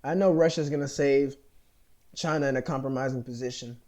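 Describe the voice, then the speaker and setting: A man's voice: medium pitch, fairly even intonation, fairly quick, darkish tone. An American man vlogging in a rambling, profane monologue, full of fillers and restarts. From United States.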